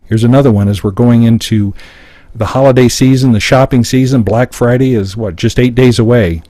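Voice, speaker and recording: Male seminar presenter, mid-pitched, emphatic teaching delivery, dry close sound. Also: steady tone, a little fast, mellow, dry recording. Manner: explanatory, emphatic, acts out example lines. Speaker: seminar speaker. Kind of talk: live public-speaking seminar. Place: seminar room before an audience.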